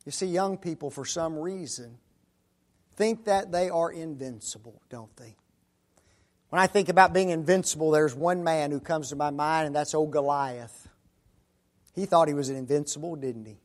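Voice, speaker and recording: A man preaching a sermon who asks rhetorical tag questions and swings between loud declarations and hushed asides. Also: a little high, expressive, moderate pace.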